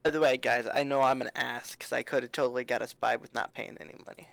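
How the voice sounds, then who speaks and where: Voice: medium pitch, steady tone, fast, vocal fry, fairly bright tone. Grumbling, swearing game player. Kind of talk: casual game chat.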